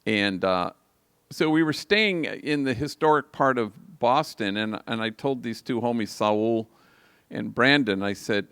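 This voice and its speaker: A man's voice: mid-range voice, animated, a bit bright, dry recording. An older man, a priest, telling a story in a reflective homily at a live liturgy. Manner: slow, reflective, gravelly delivery.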